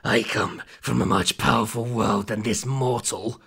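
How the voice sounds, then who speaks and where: A man voicing an arrogant male demon warrior with a booming, grandiose delivery while reading a fantasy story aloud. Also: fairly even intonation, unhurried, gravelly, a bit bright, slightly rough, full character voice. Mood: menacing.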